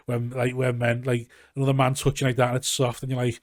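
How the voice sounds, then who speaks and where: A man's voice: mid-range voice, monotone, brisk, no room sound, studio quality. A man with a Scouse accent, a comedian guest on a casual podcast, telling rambling, sweary anecdotes and acting out what people said. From Liverpool, England. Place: garage.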